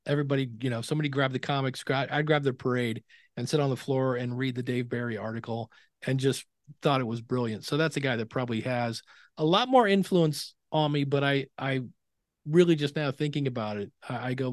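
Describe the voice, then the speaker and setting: A middle-aged man talks as a guest in a casual interview. He tells stories with energy and slips into the voices of people he quotes. His voice sits at a middle pitch, and the recording is dry and close. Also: brisk, dry recording. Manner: animated storyteller who acts out quoted dialogue. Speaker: podcasting expert guest.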